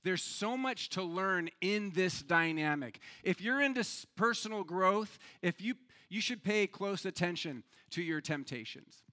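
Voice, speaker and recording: A man's voice: high voice, measured pace. A man preaching a sermon as pastor, telling a joke story with rising energy and talking conversationally with some stumbles and repeats. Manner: lively storyteller, builds to loud excitement in anecdotes.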